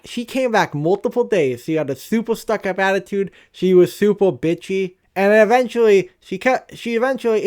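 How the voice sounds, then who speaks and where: A young man telling a profane, animated, rambling storytime rant about retail customers as a vlogger. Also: high-pitched.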